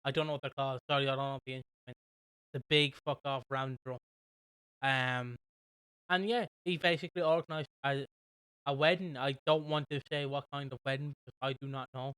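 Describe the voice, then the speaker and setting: A young British man co-hosting a podcast, casually recapping a soap with a rambling, animated manner. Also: medium pitch, brisk, smooth, dry recording. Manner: rambling, animated retelling with quoted voices. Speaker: podcast co-host.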